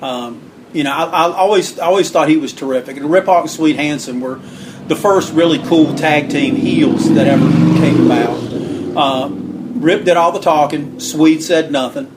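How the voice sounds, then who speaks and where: A man's voice: normal speed, very noisy. A man being interviewed about the wrestling book he wrote, telling long casual stories and acting out quotes in a raised voice. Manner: rambling, acts out quotes with raised pitch. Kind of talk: casual storytelling.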